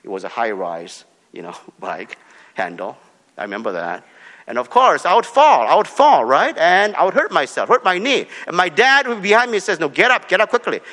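A Korean-born male pastor preaches with a bright, forceful tone. His pitch leaps about as he hammers home short commands, and a long hall reverb trails behind every phrase. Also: animated, normal speed. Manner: emphatic, repeats short commands, swings between soft and loud. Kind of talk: preaching a sermon.

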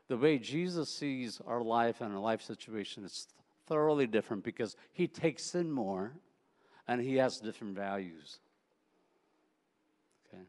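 A man preaching a sermon in a relaxed, conversational way, telling anecdotes and often repeating words as he goes. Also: on the low side. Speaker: pastor. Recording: echoey hall.

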